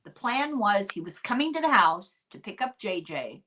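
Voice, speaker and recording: An older woman hosts a podcast, walking her listener through a true-crime case in a relaxed, conversational way. Her voice sits in a middle pitch, and she drops dry asides as she goes. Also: a crowd in the background. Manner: chatty and unhurried, dry asides. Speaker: podcast host. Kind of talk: casual true-crime storytelling.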